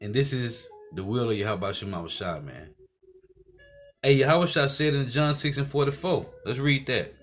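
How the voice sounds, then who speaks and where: A man's voice: medium pitch, lively intonation, normal speed, faint music behind. A man giving preaching commentary who keeps ending his phrases with "man" and quotes scripture. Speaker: host.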